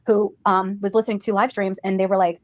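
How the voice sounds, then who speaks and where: A woman content creator rants on a livestream and swears a lot. She talks quickly at a middle pitch. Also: little pitch movement. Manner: ranting, heavy swearing. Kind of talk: livestream rant.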